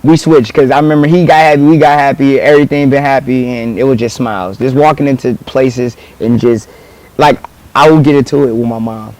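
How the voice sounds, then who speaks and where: A man's voice: mid-range voice, fairly quick, poor audio. A teenage American man telling stories in casual chat, acting out quotes with laughs. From United States. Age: teens. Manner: animated, acts out quotes with laughs. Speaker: guest artist. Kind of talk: casual storytelling.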